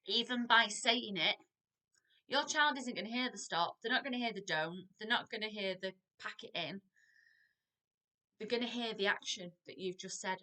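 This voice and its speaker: In a recorded parenting lesson, a middle-aged woman who is a parenting practitioner teaches in an animated, expressive way. Her mid-pitched voice is bright and clear, and she slips into quick acted examples of parents and children.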